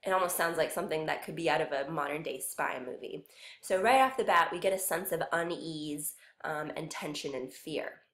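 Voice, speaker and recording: A woman's voice: sits low, normal speed, fairly bright tone. A woman teaching a music lesson, patiently explaining each point step by step. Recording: roomy echo.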